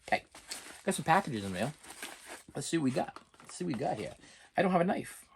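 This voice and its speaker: Fast-talking ranting man. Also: fairly high pitch, very animated, gravelly, a little hiss or hum. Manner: exasperated ranting, stumbling restarts. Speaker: vlogger. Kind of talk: comedic rant and unboxing vlog.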